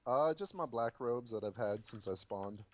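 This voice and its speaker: A young man plays a tabletop game, answering the game master in character. His replies are plain and a touch hesitant, with small pauses before he commits. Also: medium pitch, lively intonation. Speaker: player. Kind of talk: tabletop role-play.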